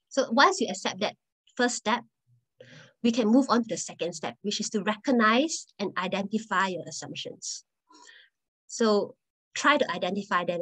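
A woman's voice: medium pitch, fairly bright tone, rough recording. A woman guest speaker telling personal stories in a presentation talk, conversational and earnest, often restarting her phrases.

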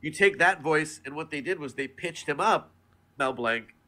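A man speaking as a voice-actor guest in a relaxed interview, with a bright, ringing voice that sits a little high for a man. He speaks animatedly, laughs often and keeps slipping into character voices. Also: normal speed. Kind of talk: casual interview.

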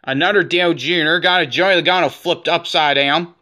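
A man in his forties narrating a card-pack opening in casual commentary, rattling off names one after another and saying he is shaking with excitement. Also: a little high, a little fast. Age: 40s. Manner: rattles off names in a running list. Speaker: card collector opening packs.

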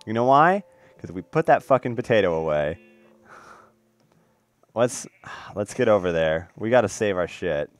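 A young man casually commentating his own game play, excitable and swearing, cooing baby talk at the animals. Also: lowish voice, unhurried, pauses often, dry recording. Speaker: gaming video host.

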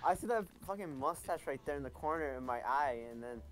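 A young man gaming with friends, reactive and quick to swear. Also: a little high, expressive, faint music behind, rough recording. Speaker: gamer. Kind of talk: casual gaming chat with friends.

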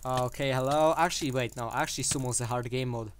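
A man talks through his own gameplay in a loose, rambling way, piling up fillers and breaking into short laughs between phrases. His voice sits at an ordinary middle pitch, with a faint hiss of noise under the recording. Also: steady tone, fast talker. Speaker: gaming channel host. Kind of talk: casual gameplay commentary.

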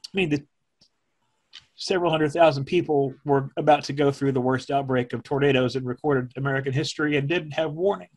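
Slow, measured middle-aged man. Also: mid-range voice, darkish tone. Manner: slow, measured, speaking from the diaphragm. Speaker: former television meteorologist. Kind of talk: emotional personal recollection.

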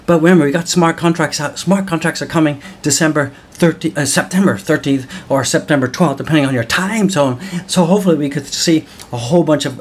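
A man hosting solo market commentary in an excited, exclamatory way, often whooping and calling out to viewers. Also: on the high side, slightly rough. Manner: hyped, exclamatory, whooping, calls viewers guys.

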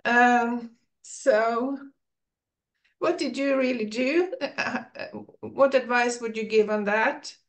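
A woman asks for advice on a group call, speaking slowly and hesitantly with plenty of pauses and fillers. Her voice sits somewhat high. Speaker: participant asking a question. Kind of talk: casual question on a group call.

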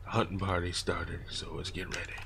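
A man's voice: low-pitched, level tone, normal speed, noisy background. A man commenting playfully on his own gameplay during a livestream, cracking jokes as he goes. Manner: wisecracking, playful. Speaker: gaming streamer.

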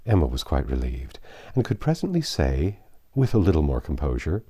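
A man reading a classic novel aloud, measured and expressive. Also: a bass voice, slightly rough, no room sound, studio quality. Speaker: audiobook narrator.

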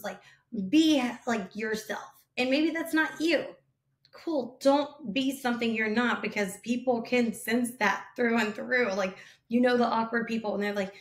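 A woman founder giving sales advice in a casual storytelling talk, chatty and animated, full of fillers, acting out the lines of the people in her story. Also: mid-range voice. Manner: animated, chatty, many fillers, acts out quotes. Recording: roomy echo.

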